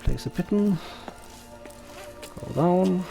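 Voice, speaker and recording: A man with a pronounced non-native English accent, narrating and commenting on a game in a relaxed, self-deprecating way. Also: high-pitched, slow, vocal fry, faint music behind. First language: not English. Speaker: let's play host.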